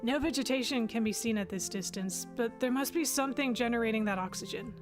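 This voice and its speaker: A woman putting on a high calm robot officer with a Scottish lilt. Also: fairly quick, lightly acted. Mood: analytical. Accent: attempted Scottish. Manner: clipped factual reports. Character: female robot science officer, calm and precise. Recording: music playing underneath.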